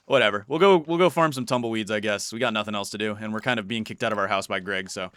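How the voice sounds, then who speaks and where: A man's voice: lowish voice, quick pace, fairly bright tone, no room sound, studio quality. A man giving casual, playful gameplay commentary as a YouTuber, teasing and chatting to the creatures in his game. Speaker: gaming YouTuber.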